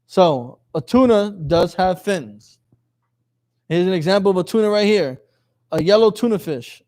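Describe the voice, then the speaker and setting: A man's voice: sits high, animated, measured pace, darkish tone. A man teaching a lesson to a class, quizzing his students in a jokey way and reading passages aloud. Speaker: religious teacher.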